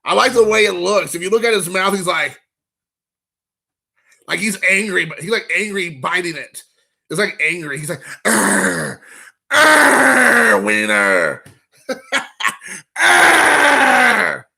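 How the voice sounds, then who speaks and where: Man, casual live stream host, excitable, rambling, high voice, bright. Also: moderate pace, creaky, long pauses. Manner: excitable, rambling, talks to viewers by name. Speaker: card collecting channel host.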